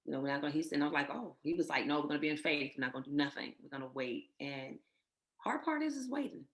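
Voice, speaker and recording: Low-pitched woman guest, heartfelt personal storytelling, emotional and faith-driven. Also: level tone, racing, fairly bright tone. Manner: emotional, faith-filled, retells others' words. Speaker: guest sharing her infertility story.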